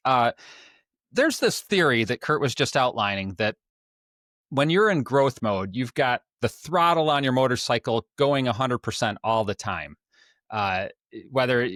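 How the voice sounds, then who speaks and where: A man's voice: medium pitch, a bit bright, no echo, studio quality. A man co-hosting a podcast in casual chat, talking loosely and laughing often. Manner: chatty, laughs often, loose filler-heavy talk. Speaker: podcast co-host.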